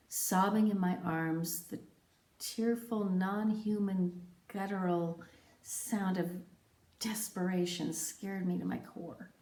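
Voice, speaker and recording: A woman telling her own story in scripted, reflective narration, with a measured, poetic and emphatic delivery. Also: on the low side, warm tone. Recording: roomy echo.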